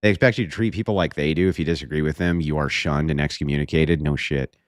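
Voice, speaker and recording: A man's voice: a bass voice, fast talker, no echo, studio quality. A man hosting a livestream who reacts in a combative, sarcastic way and swears freely. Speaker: livestream host.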